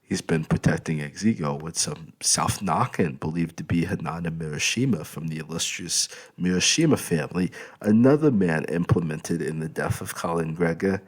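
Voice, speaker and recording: A man's voice: low-pitched, moderate pace, few pauses. A man voicing a cheerful, tall middle-aged uncle who talks in an upbeat, eager way. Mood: businesslike.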